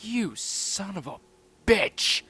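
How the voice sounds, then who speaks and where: Short-fused boy pup played by a man, pitched well up, loud and biting. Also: very animated, normal speed. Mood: furious. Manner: shouting, snarling. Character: hot-tempered young male pup.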